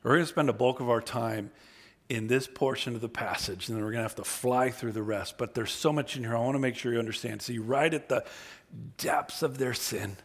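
A man preaching a sermon, reading scripture aloud and acting out the speakers, moving from low, quiet reading to loud, high emphasis. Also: a little fast. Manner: acts out voices in scripture and paraphrase.

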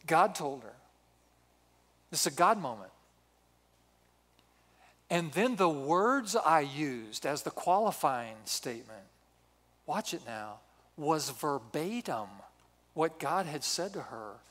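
Older guy pastor telling a story, kinda high voice, joking at himself, big echoey hall. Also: slow, long pauses. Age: 60s. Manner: animated, self-mocking humor. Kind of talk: sermon storytelling. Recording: reverberant hall.

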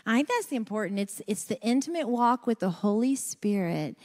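A woman's voice: a little high, expressive, brisk, darkish tone. A woman moderating a church panel discussion, affirming the speakers and asking follow-up questions.

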